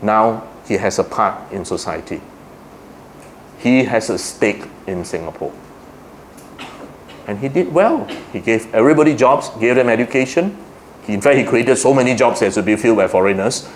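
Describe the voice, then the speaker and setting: A man's voice: on the low side, moderate pace, a little hiss or hum. A man with a Malaysian English accent giving a Buddhist Dhamma talk to a congregation, putting questions to the audience and answering them himself. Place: Buddhist society hall.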